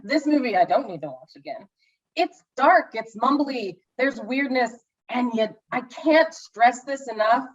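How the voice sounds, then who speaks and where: A woman's voice: on the high side, animated, a little slow, lo-fi sound. Gushing, rambling woman reviewing movies. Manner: gushing, rambling with many restarts and acted-out asides. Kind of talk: casual movie review chat.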